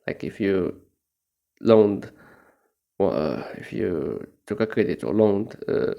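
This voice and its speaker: A young man with a low, gravelly voice rambles on in a casual, profane monologue. He is stoned and his tone is mellow and unhurried, broken up by frequent laughs. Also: expressive, highs cut off. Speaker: vlogger.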